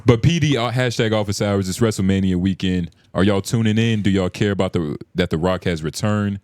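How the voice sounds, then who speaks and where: A man's voice: on the low side, brisk, a little mellow, no echo. A man co-hosting a podcast, talking in rambling, profane casual banter. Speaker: podcast co-host. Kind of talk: casual chat.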